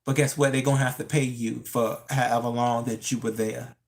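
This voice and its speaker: A live-stream commentator talking casually into a phone, chatting straight to the viewers and jumping up in pitch when teasing them. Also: little pitch movement, fairly quick, gravelly.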